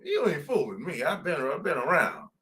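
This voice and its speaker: Brief: man, podcast host, bright lively voice, blunt slangy talk with frequent laughs. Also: a little high, normal speed. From southern United States. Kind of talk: casual podcast chat.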